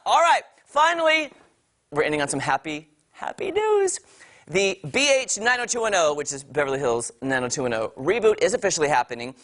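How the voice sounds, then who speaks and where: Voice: medium pitch, a bit bright. A morning TV entertainment host giving chatty, emphatic, opinionated commentary straight to viewers. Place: TV studio.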